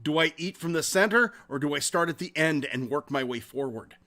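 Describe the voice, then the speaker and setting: A man hosting a casual podcast, reading chat comments and telling stories in a profane, animated way. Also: on the high side, brisk. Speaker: podcast host.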